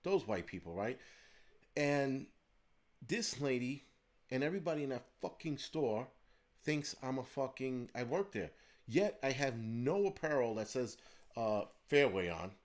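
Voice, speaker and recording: A man rants through a story, swearing freely and getting heated as he goes. His voice sits at an ordinary, middle pitch. He talks like a channel host venting straight to his viewers. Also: a little slow. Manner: profane, heated, animated. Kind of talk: ranting storytelling monologue.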